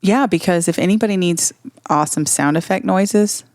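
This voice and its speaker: A woman's voice: lowish voice, normal speed, a little mellow, dry recording, studio quality. Playful female co-host, casual comedic banter. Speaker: podcast co-host.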